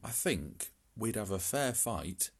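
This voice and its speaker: Deep husky man. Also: very animated, takes it slowly. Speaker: podcast co-host. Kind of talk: casual chat.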